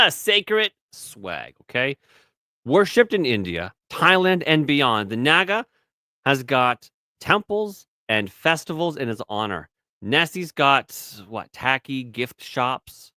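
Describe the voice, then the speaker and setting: Man, 30s, podcast co-host; loose, swearing, stop-start rambler, lively pitch. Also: slow pace, no echo, studio quality. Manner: rambling, profane, restarts words often. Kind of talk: casual podcast banter.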